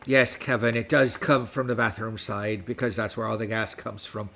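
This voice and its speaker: A man's voice: lowish voice, flat delivery, moderate pace, vocal fry, fairly bright tone. A middle-aged man hosting a casual livestream, talking in a put-on West Country pirate accent. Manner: playful pirate talk, reads stats aloud. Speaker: livestream host.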